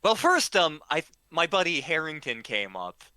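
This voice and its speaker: A man's voice: on the high side, sing-song, bright, forceful tone, no echo. A man telling a casual story, full of ums and restarts and acting out what people said. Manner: halting, full of ums and restarts, acts out quoted lines.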